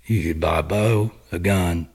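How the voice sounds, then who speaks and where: Gravelly deep-voiced man. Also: a little slow, a little mellow. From Missouri, USA. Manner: laid-back storyteller, rambling with fillers. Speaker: guest. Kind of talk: casual podcast chat.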